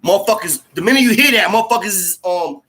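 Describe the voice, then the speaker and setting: A man's voice: high-pitched, animated, fast talker, pushed and bright, husky. A man telling a story in casual, slangy speech full of fillers and profanity. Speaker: storyteller recounting jail time.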